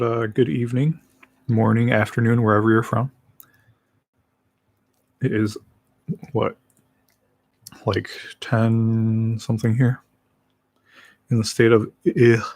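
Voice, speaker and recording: A man's voice: medium pitch, level tone, slow, long pauses, darkish tone, dry recording. A man chatting casually on a livestream, rambling in a laid-back way and laughing easily.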